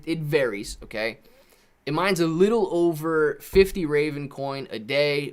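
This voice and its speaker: A man hosting a live stream Q&A, talking in a rambling, conversational way and often correcting himself, in a small room at home. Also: fairly high pitch. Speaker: livestream host.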